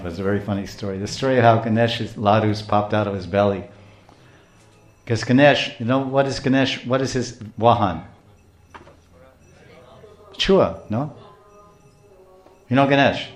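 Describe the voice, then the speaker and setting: A man giving a devotional talk, telling stories in a lively way, dropping to a hush and rising to loud bursts, laughing often. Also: fairly low pitch. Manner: animated, swings from hushed to loud, laughs often. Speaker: spiritual speaker. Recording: echoey room.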